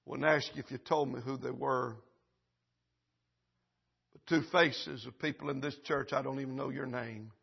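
A man preaching a revival sermon in a church service, swinging from loud urgent preaching to hushed, drawn-out lines. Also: medium pitch, steady tone, gravelly, breathy edge, dull audio.

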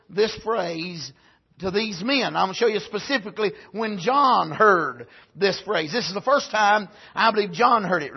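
A male preacher delivering a sermon, punctuating it with amens and swinging from loud cries to soft, low passages. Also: slightly rough, lo-fi sound.

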